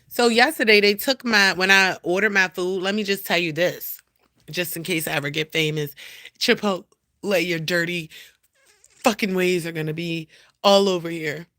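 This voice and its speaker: A woman's voice: lowish voice, fairly even intonation, normal speed, pushed and bright, no room sound, studio quality. A young woman, ranting casually on a phone livestream and scolding her cat. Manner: blunt, profane, talks to her cat and viewers.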